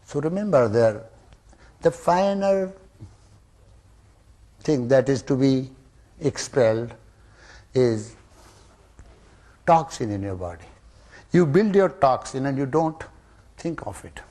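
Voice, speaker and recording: Animated male spiritual teacher. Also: mid-range voice, takes it slowly, long pauses. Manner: emphatic, many rhetorical questions; sudden loud rises, then soft drops. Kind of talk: spiritual discourse to students.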